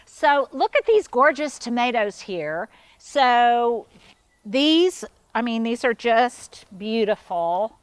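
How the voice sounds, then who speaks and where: A woman's voice: on the high side, sing-song, slow, clear, resonant tone, no echo. A woman hosting a casual garden tour outdoors, gushing with praise as she walks and talks. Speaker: host touring a garden. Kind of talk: casual chat.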